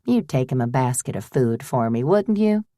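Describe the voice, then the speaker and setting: A woman voicing a shrewd older woman who runs a boarding house, brisk, firm and teasing. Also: a bass voice, sing-song, warm tone, no echo, studio quality, voice pushed down. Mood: fond.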